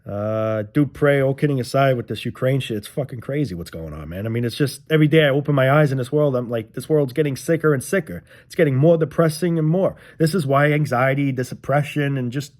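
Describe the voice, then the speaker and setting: A man's voice: medium pitch, fairly quick, few pauses, a little mellow. A young man ranting casually to his viewers, frustrated and rambling, swearing often and repeating himself. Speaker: vlogger. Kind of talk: casual rant to camera.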